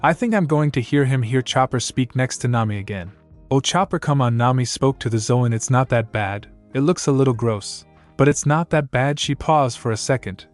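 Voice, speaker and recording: Guy reading fanfic out loud, mid pitch, faint music in the back. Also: normal speed. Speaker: fanfic narrator. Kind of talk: reading fan fiction aloud.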